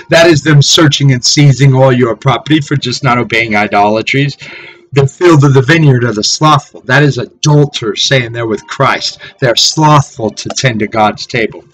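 A man preaching from scripture in a fiery, profane way, swinging between shouted tirades and low mocking murmurs. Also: poor audio. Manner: swears heavily. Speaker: street preacher.

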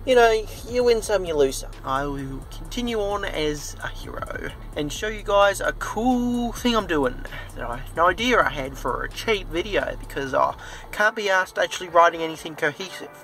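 His voice is high, sharp, and expressive, moving at a moderate pace as this young man from Australia puts on an American accent to vlog his cooking. Rambling and poking fun at himself, he films on a handheld phone in a home kitchen with faint music and sizzling bacon in the background, in poor audio.

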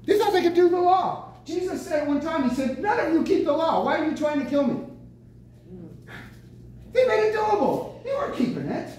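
Excitable high-voiced preacher in echoey room. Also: male voice, fast talker, hardly any pauses. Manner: excitable, bursts out with exclamations. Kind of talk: lively sermon. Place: senior center meeting room. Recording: very echoey room, mic from far off, faint noise.

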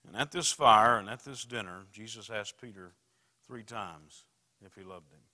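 Brief: male pastor, storytelling sermon, hushed to loud, tense bright timbre. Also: lowish voice, normal speed. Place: church sanctuary. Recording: reverberant church hall.

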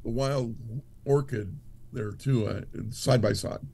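A male guest on a talk show tells stories in a relaxed, easygoing manner. His voice is gravelly, with a dark, mellow tone. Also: medium pitch, slow, a little hiss or hum. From Nevada. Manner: laid-back storyteller. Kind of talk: casual chat.

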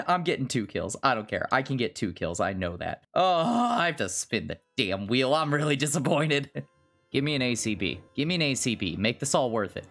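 A man's voice: mid-range voice, sing-song, normal speed, fairly bright tone, faint music behind. A man giving casual, self-mocking gameplay commentary at his computer, sarcastic and swearing often. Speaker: video game streamer.

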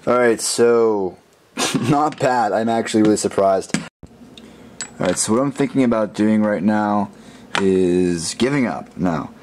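A man with a fairly low voice talks through a homemade gadget build in casual vlog style, rambling and poking fun at himself as he works. Faint workshop clatter sits behind him. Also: measured pace, darkish tone, a little hiss or hum. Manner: rambling, self-mocking, thinks aloud while working.

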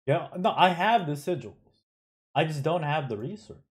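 A man's voice: on the high side, expressive, normal speed. A man streaming a mobile strategy game, chatting playfully with friends and trash-talking opponents. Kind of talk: casual live gameplay chat.

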